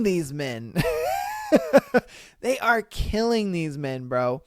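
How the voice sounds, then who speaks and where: Male podcast host, unhurried delivery, dry close sound; reads listener stories, reacts loud and slangy. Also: a little high, clean tone, no echo. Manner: slangy, exclamatory, calls listeners bro; reads stories aloud then rants. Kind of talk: casual reaction commentary.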